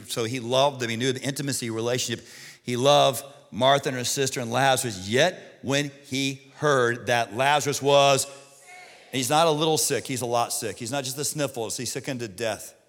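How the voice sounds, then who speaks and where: Male pastor, comic sermon storyteller, bright voice, long hall reverb. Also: medium pitch, moderate pace. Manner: animated, comic storytelling with shouted punchlines.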